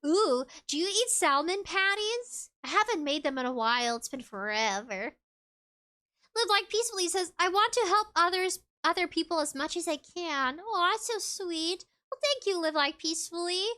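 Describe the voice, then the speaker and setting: A woman streaming from home, reading out her chat and laughing often. Her voice sits high and sounds bright and clear. The talk is loose and friendly, full of little giggles. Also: animated, moderate pace. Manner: bubbly and giggly, with frequent laughs. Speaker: VTuber streamer. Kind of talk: casual livestream chat, reading viewer comments aloud.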